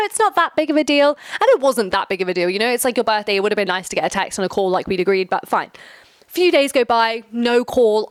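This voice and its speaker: A young woman hosting a casual storytime vlog, chatty and quick, full of filler words. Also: a little high, dry recording. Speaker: storytime host.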